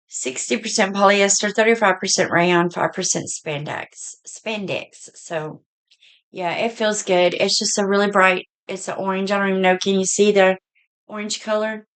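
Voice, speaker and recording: Chatty Southern woman, a bit hoarse. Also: medium pitch, fairly bright tone. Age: middle-aged. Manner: chatty, folksy, says y'all. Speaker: vlogger. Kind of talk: casual haul chat.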